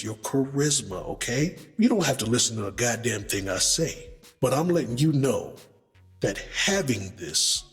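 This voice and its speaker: A man's voice: fairly low pitch, in a large hall. A man talking casually and emphatically as a relationship advice vlogger, addressing listeners as brothers and swearing freely. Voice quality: profanity-laced, emphatic. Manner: conversational, acts out quotes, addresses men as brothers.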